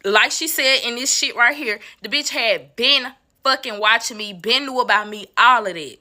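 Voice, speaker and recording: A woman telling a personal story to viewers in a casual, animated and profane way. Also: on the high side, moderate pace, no echo, studio quality.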